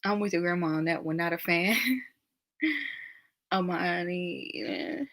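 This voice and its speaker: A young woman hosts a relaxed live chat and answers viewer comments one by one. Her voice is bright and clear, and she laughs often. She keeps the talk loose and chatty. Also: lowish voice, takes it slowly. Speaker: live stream host.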